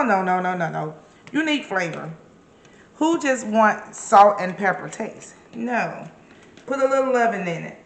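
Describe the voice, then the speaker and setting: A woman's voice: medium pitch, echoey room. A woman giving a casual, chatty cooking demonstration in her kitchen, encouraging the viewer with emphatic repeated words. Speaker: home cook and caterer.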